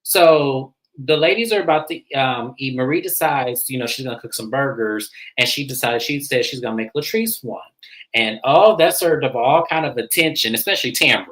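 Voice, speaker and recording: A woman with a rumbling low voice hosts a casual recap show reviewing a reality series, speaking at normal speed over poor audio. She's blunt and profane, acting out quotes in animated voices.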